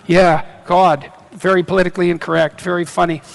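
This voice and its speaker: Middle-aged Canadian male lecturer, high gravelly voice, halting live Q&A, hall reverb. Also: flat delivery. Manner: halting, restarts often, laughs easily. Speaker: lecturer answering audience questions. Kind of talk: live on-stage Q&A.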